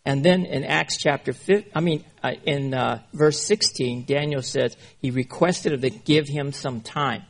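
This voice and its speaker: A man's voice: mid-range voice, a little slow, gravelly, hardly any pauses. A man preaching an informal sermon, often checking in with his listeners as he goes. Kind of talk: conversational sermon on scripture.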